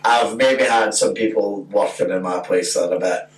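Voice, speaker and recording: Deep-voiced Scottish man, sweary and animated. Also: normal speed, echoey room, distant mic, rough recording. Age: 20s. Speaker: podcast co-host. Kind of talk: casual chat.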